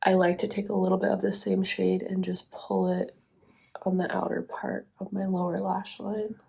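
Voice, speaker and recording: A young woman vlogger chatting casually through her makeup routine, relaxed and chatty with lots of fillers. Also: mid-range voice, normal speed, creaky. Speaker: vlogger and teacher. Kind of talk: casual get-ready-with-me talk.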